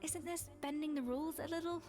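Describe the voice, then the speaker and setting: An actress playing a poised former head chef in a game, composed and reproachful, with a high voice in audio with long reverb. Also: female voice, steady tone, a little fast, a little mellow, faint music behind, lightly acted. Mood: stern. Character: poised former head chef woman, stern but caring.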